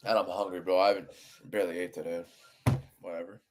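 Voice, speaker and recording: A man's voice: sits low, flat delivery, fast talker, background noise. A young man streaming a fight watchalong, ranting in exasperation over a dull card. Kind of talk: live stream commentary.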